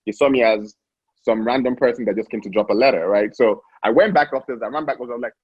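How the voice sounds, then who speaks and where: Speaking fast with a breathy edge at medium pitch, a young Nigerian founder tells casual stories as an interview guest. He's animated, constantly restarting and repeating himself, and the recording is muffled with no room sound.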